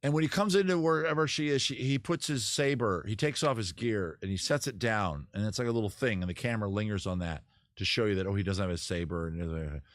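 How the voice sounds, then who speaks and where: Low-voiced man rambling on a livestream. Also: no room sound, studio quality. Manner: animated, acts out scenes in quick put-on voices; profane, self-interrupting. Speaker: livestream host. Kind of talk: casual rambling monologue. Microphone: camera mic.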